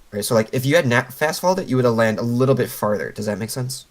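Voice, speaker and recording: A man's voice: mid-range voice, fast, few pauses, low-quality recording. A man coaching a player over a voice call, patiently explaining step by step with lots of fillers. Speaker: game coach.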